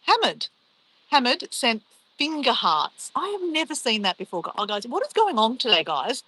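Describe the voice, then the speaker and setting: A woman's voice: fairly high pitch, very animated, moderate pace, sharp tone, slightly rough, poor audio. An Australian woman chatting casually and bubbly on a travel live stream, reacting to her viewers.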